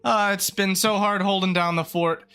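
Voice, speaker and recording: A harried young shopkeeper woman, played by a man in a raised, bright voice. She talks fast and eagerly in a fan-made tabletop game. The tone is high and ringing. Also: steady tone, clear, resonant tone. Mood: relieved. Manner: eager, chatty, a bit exasperated.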